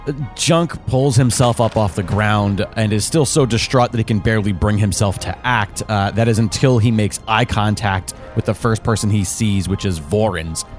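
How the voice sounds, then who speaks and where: A man playing a tabletop game, describing his character's actions and often pausing with "uh". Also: on the low side, faint music behind. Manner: hesitant, starts lines with "uh". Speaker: player.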